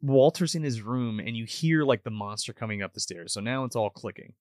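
A man's voice: medium pitch, brisk, a little mellow, no room sound, clean studio sound. A man casually and profanely retelling a horror movie's plot in a podcast chat, acting out quoted lines.

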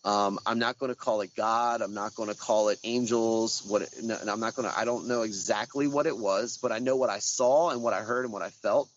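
A man's voice: fairly low pitch, brisk, hardly any pauses, highs cut off, slight background noise. A man speaking outdoors as a guest, earnest and reflective, with many hesitations and restarts. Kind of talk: casual conversation.

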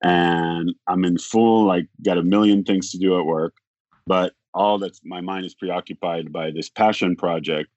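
A man talking as a podcast guest, telling a long story in a rambling way, acting out the other people's lines and filling pauses with "like". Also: sits low, steady tone, a little mellow, no room sound, highs cut off. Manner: rambling, acts out quoted dialogue, frequent "like". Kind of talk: casual storytelling.

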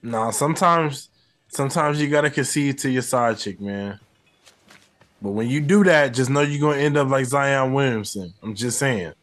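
A man's voice: mid-range voice, moderate pace, a bit bright. Hyped man joking over clips. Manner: hyped, joking, plugs his show. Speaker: podcast host. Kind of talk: casual reaction commentary.

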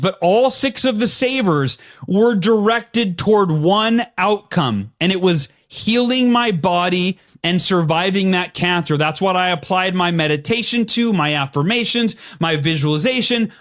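Man, interview guest, high-pitched voice, earnest, firm conviction, occasional throat clearing. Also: fairly bright tone. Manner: clears throat now and then. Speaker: podcast guest. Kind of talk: personal story in an interview.

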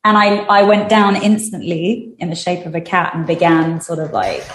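A woman chatting as a podcast guest, telling stories in an animated way with lots of fillers. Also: fairly low pitch, moderate pace, echoey room. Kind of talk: casual chat.

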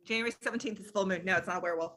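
A woman's voice: mid-range voice, racing, fairly bright tone. A woman co-hosting a podcast, ranting casually and swearing a lot. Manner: profane, ranting. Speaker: podcast co-host. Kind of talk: casual chat.

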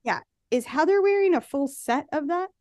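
A woman's voice: high voice, expressive, moderate pace, darkish tone, no echo, studio quality. A woman co-hosting a podcast, chatting casually and sarcastically, often acting out quotes. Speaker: podcast co-host. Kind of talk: casual chat recapping a reality show.

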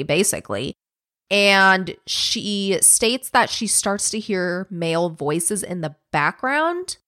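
A lower-pitched young woman telling a true crime story to her co-host in a relaxed, profane, chatty way. She slips into quick acted quotes of the people involved. The recording is dry and close. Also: dry recording. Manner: casual, swears a lot, acts out quotes. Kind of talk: casual storytelling chat.

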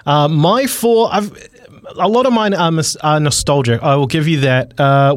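New man, sports radio co-host, slightly high voice, teasing, upbeat quiz delivery. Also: dry recording. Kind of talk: casual radio sports chat. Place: radio studio.

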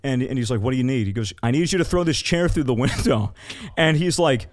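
A man's voice: mid-range voice, lively intonation, brisk. A man in casual podcast talk, telling a story with plenty of swearing and acting out the people he quotes. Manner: profane, acts out quoted voices.

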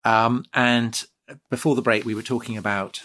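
A man's voice: medium pitch, fairly even intonation, normal speed, pushed and bright. A man hosting a history podcast, talking enthusiastically with many ums and restarts. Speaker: podcast host. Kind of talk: casual podcast conversation.

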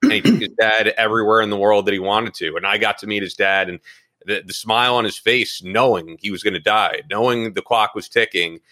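A podcast host speaks with a lowish voice that still cuts through brightly. He talks in a casual, earnest way and rambles a little as he goes. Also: steady tone, fairly quick. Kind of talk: casual conversation.

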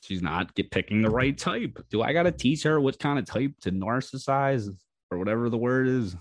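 A man's voice: medium pitch, animated, moderate pace, dry recording, studio quality. A man hosting a podcast, telling a personal story in a blunt, profane way, laughing often and acting out what was said. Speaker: podcast host.

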